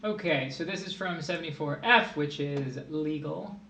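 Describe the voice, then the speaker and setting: A man's voice: a little high, moderate pace, sharp tone. A man tutoring test prep on a casual livestream, joking and rambling as he explains math. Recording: echoey room, faint hiss.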